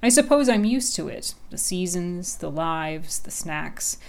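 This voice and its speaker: A woman voicing a sociable, dramatic crow in a raised, lively voice. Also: on the low side, a little slow, creaky. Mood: curious.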